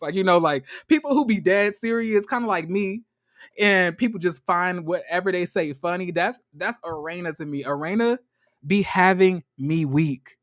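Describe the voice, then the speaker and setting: High-voiced man doing a gossipy show recap. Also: normal speed, no echo, clean studio sound. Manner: animated, gossipy, laughing often. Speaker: commentary vlogger. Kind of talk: casual reality-show recap. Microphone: camera mic.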